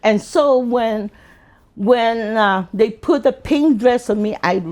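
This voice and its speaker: A man, telling his life story as an interview guest in an animated way. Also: takes it slowly. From Philippines. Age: 60s. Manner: animated, acts out quotes in high voices.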